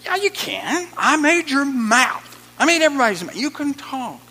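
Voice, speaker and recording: Preacher putting on god, raised voice, insistent and reassuring, echoey hall. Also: male voice, extremely high pitch, very animated, moderate pace, sharp tone, pitched above the performer's own voice, full character voice. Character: God, patient all-powerful male deity.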